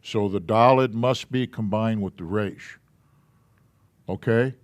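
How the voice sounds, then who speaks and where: A man's voice: on the low side, slow, no room sound. A man teaching a Hebrew alphabet class in a church classroom, patiently explaining letters and syllables step by step.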